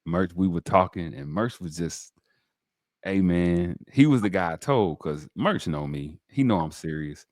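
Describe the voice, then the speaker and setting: Man, podcast host, very deep voice, dry close sound, animated. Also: measured pace, no room sound. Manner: animated, preacher-like, addresses viewers directly. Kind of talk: enthusiastic interview talk.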